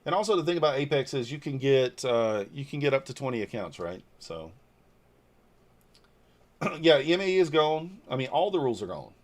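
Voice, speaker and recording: His mid-range voice swings widely in pitch at a normal pace. He's a trading livestreamer in his forties from Northeast Georgia, chatting casually, answering comments out loud, and being blunt and loose with mild swearing.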